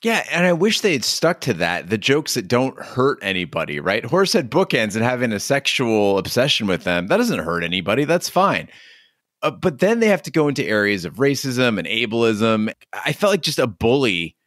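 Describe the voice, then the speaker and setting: A man's voice: mid-range voice, big pitch swings, normal speed, fairly bright tone, no room sound, studio quality. A man co-hosting a casual movie-review podcast, giving wry, critical commentary. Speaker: podcast co-host.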